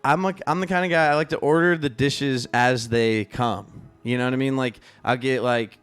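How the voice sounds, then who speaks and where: Young male co-host, smooth resonant voice, rambling casual storyteller. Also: mid-range voice, steady tone, moderate pace, fairly bright tone, no room sound, soft background music. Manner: rambling storyteller with many fillers and restarts. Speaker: band member co-hosting a live stream. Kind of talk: casual chat.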